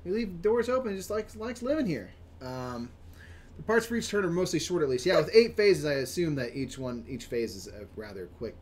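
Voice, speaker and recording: A man co-hosting a casual live stream, rambling and reading items aloud with animated delivery. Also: on the high side, brisk. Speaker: co-host.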